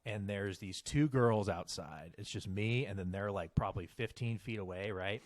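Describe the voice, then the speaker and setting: A man's voice: lowish voice, normal speed, dry recording. A young man co-hosting a casual podcast, telling a story in a profane, ranting way. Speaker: podcast co-host. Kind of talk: casual chat.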